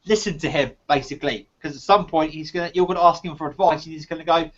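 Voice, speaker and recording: A man co-hosting a casual live chat, patiently explaining a point by retelling a fable with lively emphasis. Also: a little high, brisk. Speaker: co-host of a live online chat. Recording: dull lo-fi stream audio.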